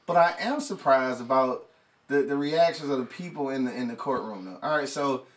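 Casting: male podcast host, casual and profane, quick laughs, a bit far from the mic. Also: medium pitch. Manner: loose, profane, laughs often, restarts a lot. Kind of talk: casual chat.

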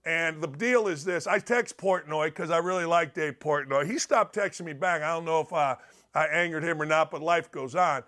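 High-pitched rowdy sports-talk man. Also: normal speed. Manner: loud, rambling and jokey, swinging between shouts and low mutters. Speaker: sports radio host. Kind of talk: energetic sports talk monologue.

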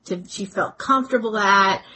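A woman's voice: mid-range voice, pushed and bright, slightly rough, low-quality recording. A woman co-hosting a podcast, chatting about history in a conversational, hedging way. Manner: conversational, hedging, quick to agree. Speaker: podcast co-host. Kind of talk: casual history chat.

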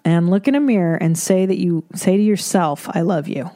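A woman's voice: lowish voice, animated, moderate pace, warm tone. A woman hosting an advice podcast, talking bluntly in a casual monologue, swearing freely and laughing between points. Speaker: podcast host giving advice.

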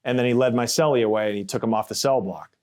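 A man's voice: mid-range voice, fast, darkish tone. A man telling his own story in a plainspoken, blunt way, casual and with swearing, acting out other people's voices in quotes. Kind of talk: first-person storytelling podcast.

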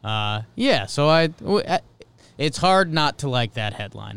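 A man co-hosting a casual sports podcast, playful and riffing on jokes in quick banter. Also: mid-range voice, lively intonation, fairly bright tone, clean tone, no room sound. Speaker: podcast co-host.

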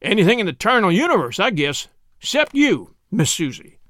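A man's voice: high voice, very animated, moderate pace, a bit bright, no room sound, studio quality. A man doing a drawling old rustic cobbler. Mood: sly.

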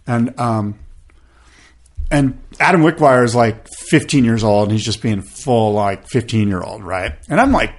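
A man in his fifties spins a long anecdote on a podcast, casual and loose. He acts out the other people's voices as he goes and leans on fillers like "like" and "you know." His pitch sits in the middle of the male range. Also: unhurried. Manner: animated, acts out quoted voices, many fillers. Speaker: podcast host. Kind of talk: casual storytelling chat.

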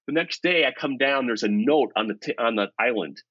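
A man being interviewed as an author, telling a story with lively swings between hushed asides and excited emphasis. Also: medium pitch, quick pace, few pauses, no echo, lo-fi sound. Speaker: author and guest. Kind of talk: animated storytelling.

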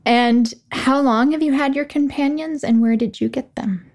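A woman's voice: high voice, moderate pace, a little mellow. A woman hosting a podcast, asking questions and reading the outro in an upbeat, lightly joking way. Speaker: podcast host.

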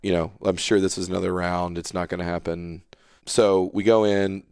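A pastor in his thirties, appearing as a podcast guest, earnestly tells a personal story in a casual conversation and animatedly acts out the dialogue. His low voice moves at a moderate pace, and the recording is dry, clean and studio quality.

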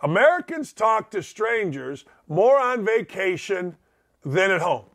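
A middle-aged man with a fairly high-pitched voice runs a casual radio monologue. He jokes freely and slips into little acted snippets of dialogue as he talks. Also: unhurried. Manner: animated, joking, acts out quoted voices. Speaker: radio talk show host.

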